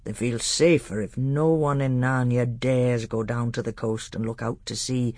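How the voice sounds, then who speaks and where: A man voicing a wise, gentle old male tutor in a measured, earnest audiobook reading. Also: mid-range voice, steady tone, dry recording, clean studio sound, lightly acted. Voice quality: gravelly, husky. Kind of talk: audiobook character voice.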